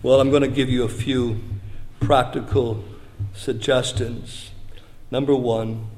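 A man preaching a sermon as pastor. He moves between hushed, low passages and raised, emphatic lines. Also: flat delivery, takes it slowly, long reverb tail.

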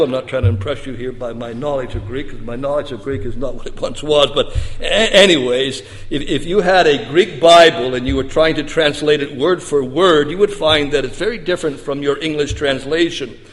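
Emphatic preacher in a reverberant hall. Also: male voice, medium pitch. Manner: emphatic, dynamic preaching with loud and soft swings. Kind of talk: sermon. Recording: long reverb of a large hall.

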